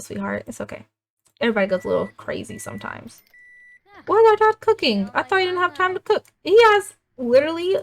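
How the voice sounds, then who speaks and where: A young woman giving casual commentary as she plays a life-sim game, chatting along and speaking her characters' lines in her own voice. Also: a little high. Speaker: let's play gamer.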